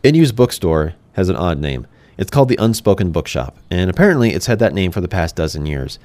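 A man's voice: deep voice, big pitch swings, fairly quick, a little mellow, dry recording. A man narrating a first-person fantasy story in a conversational way, speaking to the listener directly.

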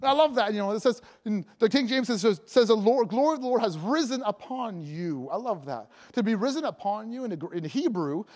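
A man evangelist preaching a sermon, joking and laughing between lines and breaking into loud proclamations of scripture. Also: high voice, animated, a little fast, hardly any pauses. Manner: jokey, laughing often, bursts of loud proclaiming.

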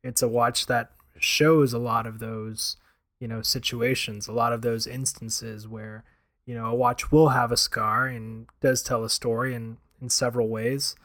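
A man's voice: medium pitch, little pitch movement, a little slow, fairly bright tone, no room sound, clean studio sound. A man co-hosting a podcast in casual chat, easygoing and hesitant with fillers. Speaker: podcast co-host.

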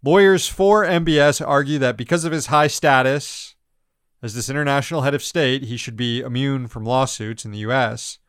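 A man's voice: medium pitch, normal speed, a bit bright, smooth, no room sound, studio quality. A man co-hosting a news podcast, reading headlines and riffing on them with sarcastic, profane commentary. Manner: sarcastic, profane, mocking voices of officials. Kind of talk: casual political commentary.

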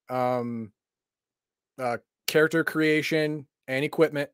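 A man's voice: a little high, clean tone, no echo, clean studio sound. A man co-hosting a live-streamed game master chat show, making emphatic announcements and joking around. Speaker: game master podcast co-host.

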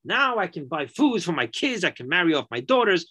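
A man's voice: high-pitched, big pitch swings, a little fast, pushed and bright, heavily acted. A man voicing a poor father who sounds thankful and relieved. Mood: grateful.

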